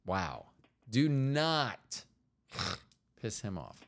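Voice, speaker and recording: A man from the United States talks very slowly in a gravelly, fairly low voice with huge pitch swings while co-hosting a casual podcast with his partner. He rambles, wanders between thoughts and frequently trails off.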